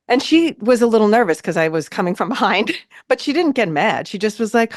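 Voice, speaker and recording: A woman co-hosting a podcast in casual chat, telling a story in an animated way and acting out what people said. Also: on the high side, a little fast, no room sound, clean studio sound. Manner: animated, acts out quoted lines. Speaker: podcast co-host. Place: New York City.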